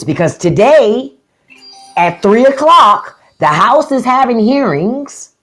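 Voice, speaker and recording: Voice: medium pitch, sing-song, slow, fairly bright tone. A livestream host giving a blunt, profane, mocking rant to viewers. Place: livestream at home.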